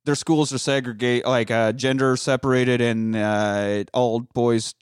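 Speaking at medium pitch with fairly even intonation, this smooth, unhurried Austin man casually rambles through a movie recap for a friend. He swears a lot and quotes lines in goofy voices, captured in a dry, clean studio recording.

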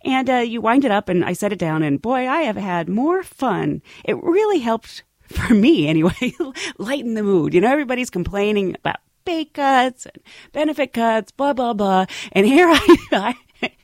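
Woman, flight attendant, playful anecdote, laughs often, lively rising and falling voice, dry close sound. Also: on the high side, moderate pace, dry recording. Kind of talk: casual anecdote.

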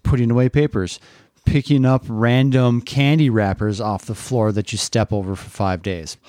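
Middle-aged dad hosting a podcast. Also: male voice, medium pitch, steady tone, normal speed, darkish tone, dry recording, clean studio sound. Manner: teasing, rambling with restarts. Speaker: podcast host, father. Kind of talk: casual family podcast chat. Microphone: podcast microphone.

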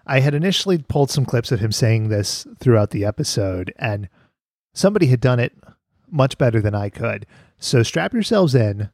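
A man's voice: medium pitch, animated, moderate pace, darkish tone, no room sound, studio quality. Wry male podcast host. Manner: wry, laughing, swears casually. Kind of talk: casual podcast chat.

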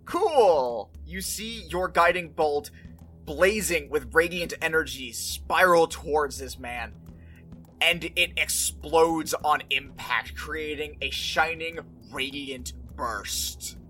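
Dramatic, bright-voiced game master. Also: mid-range voice, soft background music. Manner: measured, dramatic narration with pauses. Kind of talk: narrating a tabletop game.

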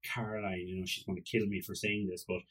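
A man with an Irish accent hosts a casual podcast, chatting loosely and telling stories about his dog. His voice is slightly husky, and he jumps into playful voices and salty language as he jokes. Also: low voice, level tone, quick pace, a bit bright, rough recording. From Ireland. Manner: rambling, joking, acts out voices and swears. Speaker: podcast host. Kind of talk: casual solo podcast monologue.

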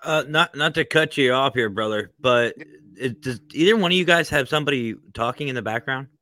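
A man co-hosting a casual podcast, speaking haltingly and carefully, often repeating his words. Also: mid-range voice, sharp tone, no room sound. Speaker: podcast co-host. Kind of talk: casual chat. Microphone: headphones and home mic.

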